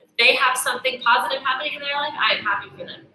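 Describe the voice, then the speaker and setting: A woman yoga teacher in a casual teaching talk, chatty and animated, acting out people's inner thoughts. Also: high voice, rapid-fire, a little hiss or hum. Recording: very echoey room.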